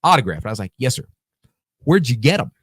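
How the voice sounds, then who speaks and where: A man's voice: medium pitch, quick pace, slightly rough, no echo, clean studio sound. A man guest on a podcast, telling a story casually, acting out the dialogue and swearing freely. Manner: animated, acts out quoted dialogue, swears freely.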